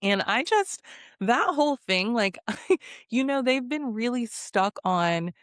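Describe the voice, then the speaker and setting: A woman's voice: fairly high pitch, lively intonation, slow pace, no room sound, clean studio sound. A woman hosting a casual recap vlog of a reality show, talking bluntly and sarcastically, swearing and laughing often.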